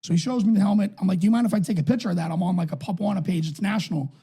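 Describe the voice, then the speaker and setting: Male co-host, 30s, from New England; husky, gravelly, rambling and profane. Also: very fast, warm tone. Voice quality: voice higher than his build suggests. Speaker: podcast co-host and youth football coach. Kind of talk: casual podcast chat.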